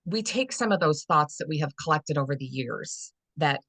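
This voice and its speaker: A woman's voice: deep voice, lively intonation, moderate pace, a bit bright, no room sound. A woman coaching guest telling a candid, frank personal story, restarting her phrases as she goes. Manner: earnest, frank, with frequent restarts. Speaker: holistic fitness and life coach guest.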